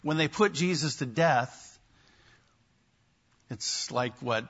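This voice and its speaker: A man preaching a sermon, emphatic and animated, with wry asides to his listeners. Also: medium pitch, slow, slightly rough, muffled recording. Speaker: pastor.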